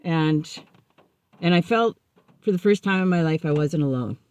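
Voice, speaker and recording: A woman's voice: low voice, moderate pace, no room sound. Candid woman telling her recovery story. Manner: animated, acts out remembered dialogue. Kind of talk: personal storytelling.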